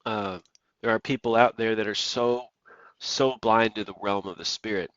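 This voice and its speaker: A man's voice: fairly low pitch, fairly even intonation, moderate pace, a bit bright, dry recording, highs cut off. A man preaching on the radio, emphatic and repeating phrases for stress. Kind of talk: preaching monologue.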